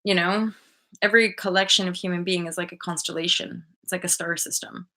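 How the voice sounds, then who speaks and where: A woman's voice: on the low side, fairly even intonation, fairly quick, sharp tone. A woman hosting her own channel as a spiritual coach, talking in a loose, rambling way, full of "like" and casual swearing.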